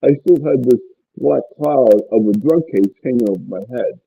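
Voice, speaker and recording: A man's voice: medium pitch, moderate pace, creaky, warm tone, slightly rough. A man in his sixties, an interview guest, earnestly telling his life story with emotion and repeating words for emphasis. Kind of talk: personal life story told to a host. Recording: tinny phone-like line, dry.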